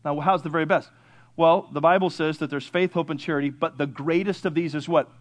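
A man preaching a sermon as pastor, asking the congregation questions and answering them himself, at times building to excited shouting. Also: a little high, fairly quick.

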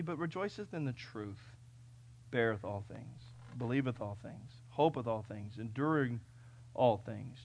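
A man from California preaching a sermon, reading scripture and telling stories, swinging between loud, urgent peaks and quiet, conversational asides. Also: medium pitch. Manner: conversational storytelling with fillers and restarts. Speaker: pastor.

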